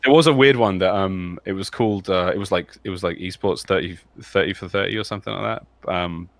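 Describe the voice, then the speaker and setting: Male caster, low voice, quick, rambling, enthusiastic delivery. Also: vocal fry, no room sound. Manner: excitable, rambling, lots of fillers. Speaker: esports caster. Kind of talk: casual chat.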